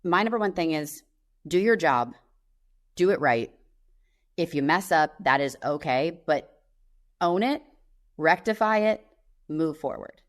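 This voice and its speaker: Podcast co-host, female, lower register, blunt emphatic storyteller, casual. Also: expressive, unhurried, long pauses. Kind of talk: casual chat.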